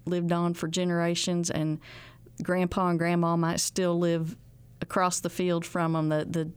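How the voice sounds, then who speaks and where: A woman from the Ozarks with an Ozark accent, explaining local folkways in an unhurried, folksy way and drawing out her words. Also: on the low side, level tone, clear, resonant tone, no room sound. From Ozarks, USA. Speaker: presenter of Ozark folkways programs. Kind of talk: interview, storytelling explanation.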